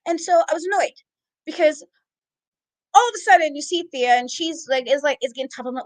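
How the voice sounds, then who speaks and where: A high-voiced woman recaps a wrestling show with sass and exasperation. She talks casually and animatedly as a co-host. Her voice is close and dry. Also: fast, no room sound, low-quality recording. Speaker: podcast co-host.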